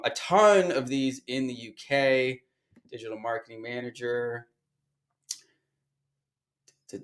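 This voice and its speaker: Man, middle-pitched voice, casual talk, online instructor, thinking aloud while reading listings. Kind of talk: casual screen-share walkthrough.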